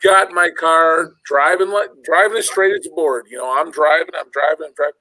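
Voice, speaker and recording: A man, probably in his forties and from Illinois, USA, hosts a podcast and casually tells a long personal story, rambling, swearing, and acting out the other voices. His voice sits on the high side with a sharp tone and a slightly fast pace. The recording is rough, with no room sound.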